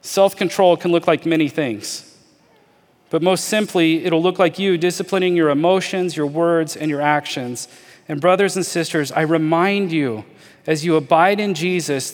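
A pastor with a fairly high voice delivers an earnest sermon in a church auditorium. He invites the listeners to imagine things with him and slows down to stress his key phrases. His voice carries a long hall reverb.

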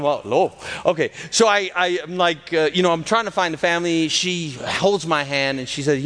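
High-voiced excitable man preaching testimony. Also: moderate pace, few pauses. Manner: excitable storyteller, acts out dialogue, laughs mid-sentence. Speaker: guest speaker at church, cardiologist. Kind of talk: testimony sermon to a congregation.

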